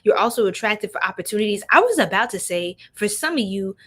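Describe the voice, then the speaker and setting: A woman's voice: mid-range voice, animated, fast talker, noisy background. Laughing, slangy woman reading tarot. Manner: chatty, laughs often, slangy, talks straight to viewers. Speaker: tarot reader. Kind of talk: live-stream tarot reading.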